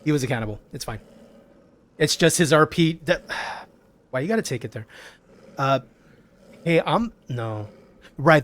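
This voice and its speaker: A young man, streaming a video game in an animated, jokey way. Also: on the high side, a little hiss or hum. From American South. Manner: animated, jokey, quick exclamations. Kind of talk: casual gaming commentary.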